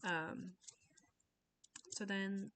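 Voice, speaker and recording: A woman's voice: medium pitch, steady tone, very slow, a bit bright. A young woman giving an informal class speech over a webcam, casual and full of fillers and restarts.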